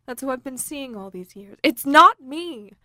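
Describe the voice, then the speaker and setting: A woman's voice: high voice, animated, normal speed, pushed and bright, dry recording, clean studio sound. A young woman playing an anxious wife haunted by nightmares in a radio drama, narrating and speaking with earnest urgency. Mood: distressed. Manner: earnest, rising to panic.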